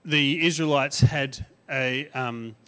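A man delivers a sermon in a conversational way, with a voice of ordinary middle pitch for a man. He builds emphatic lists loudly and climbs in pitch, then drops to a soft, quiet tone for asides. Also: takes it slowly, clean tone. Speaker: guest preacher.

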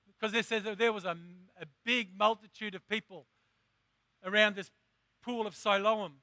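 A man preaching a sermon as pastor, impassioned, drawing out words slowly for emphasis and rising to shouts. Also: high voice, steady tone, no echo, clean studio sound.

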